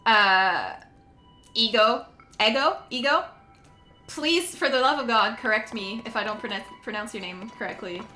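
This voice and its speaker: Giggly woman, slow and bright. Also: a little high, soft background music. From Quebec, Canada. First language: French. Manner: giggly, apologetic, chatty. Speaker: streamer. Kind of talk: casual chat with stream viewers while gaming.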